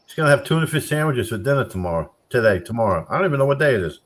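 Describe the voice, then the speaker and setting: A man in casual banter, loud and mocking, who swears freely. His voice is mid-pitched and jumps up sharply when he rants. He keeps needling the man beside him. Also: sing-song, racing. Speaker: streamer reacting to chat.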